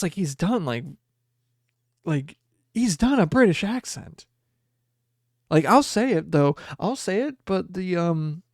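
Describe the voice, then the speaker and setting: A young man hosting a podcast, chatting casually and excitedly as he opens card packs and reads the cards aloud. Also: fairly high pitch, no room sound, studio quality. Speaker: podcast host. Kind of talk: casual card pack opening chat.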